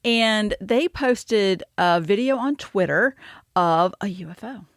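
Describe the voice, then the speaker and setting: A woman's voice: mid-range voice, slow pace, no room sound, clean studio sound. A woman co-hosting a podcast, chatting casually with fillers and frequent laughs. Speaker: podcast co-host.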